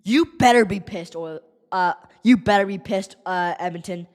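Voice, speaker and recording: A woman streaming live hockey play-by-play, exasperated and ranting at the team, her voice going hoarse. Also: fairly low pitch, moderate pace, in a large hall. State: losing voice.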